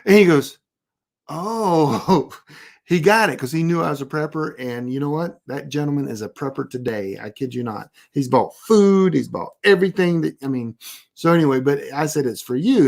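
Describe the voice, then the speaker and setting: Laid-back prep-class teacher who rambles and restarts but turns blunt and deadpan on key points. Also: mid-range voice, brisk, vocal fry. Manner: rambling, self-interrupting, anecdotal. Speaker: preparedness class instructor. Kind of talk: casual live online class.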